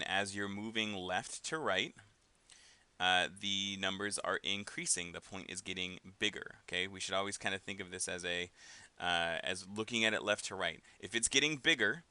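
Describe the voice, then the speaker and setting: Man, math teacher, casual tag questions, very bright tone, smooth clear voice. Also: fairly low pitch, no room sound. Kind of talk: recorded classroom lesson.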